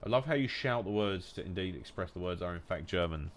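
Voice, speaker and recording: A young man from England riffs casually while he plays, wandering off topic and joking freely. His voice sits low but his pitch jumps around a lot, often bursting into loud shouty bits. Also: expressive, brisk. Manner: jokey, rambling, sweary, swings to loud mock-German shouts. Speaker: gaming streamer. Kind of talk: casual chat while gaming.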